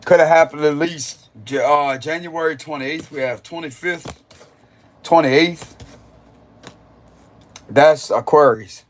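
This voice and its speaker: A man's voice: on the high side, slow pace, pauses often, a little hiss or hum. A young man giving a casual, rambling spiritual reading on a livestream and chatting loosely with his viewers, laughing often as he goes.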